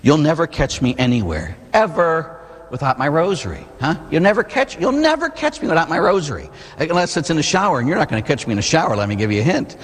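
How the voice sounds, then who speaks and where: A man, a Catholic priest, preaching an animated sermon that asks the listeners questions, recorded in a church. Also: a little high, quick pace, husky. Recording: long reverb in a large hall.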